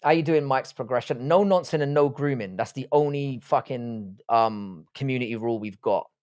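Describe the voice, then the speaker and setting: A man with a Southwest London accent runs a casual live stream, chatting loosely with his viewers. His talk is full of teasing banter and swearing, in a mid-pitched, everyday male voice. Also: moderate pace, a little mellow, clean tone. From England. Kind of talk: casual live-stream chat reading comments.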